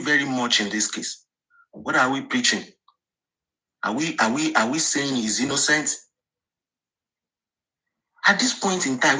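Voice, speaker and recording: A man's voice: mid-range voice, bright, forceful tone, rough recording. A man giving his opinion in a live discussion, earnest and emphatic, often repeating words. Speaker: participant in a live audio discussion.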